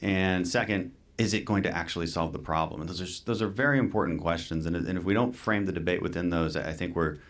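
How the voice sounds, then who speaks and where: A man speaking as a politician guest in an earnest conversation, halting and repeating words as he thinks. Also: low voice, a bit bright.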